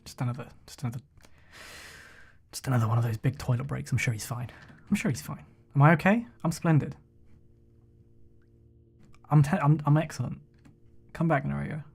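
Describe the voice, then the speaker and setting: A man's voice: medium pitch, steady tone, a little fast, long pauses, a little mellow, husky. A man casually commentating a game on a live stream, joking and chatting to himself and his viewers.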